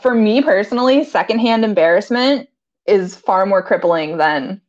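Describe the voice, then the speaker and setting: A woman's voice: mid-range voice, expressive, moderate pace. A woman co-hosting a podcast, recapping a TV episode in casual chat. She giggles often and quotes the characters in voices. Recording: slightly dull lo-fi sound.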